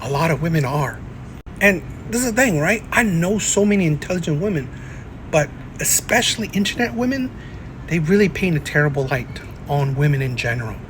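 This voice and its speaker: Ranting man with a slightly high voice. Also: lively intonation, a little fast, fairly bright tone, slight background noise. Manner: ranting, keeps asking "right?". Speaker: commentary host. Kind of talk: reaction commentary. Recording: echoey room.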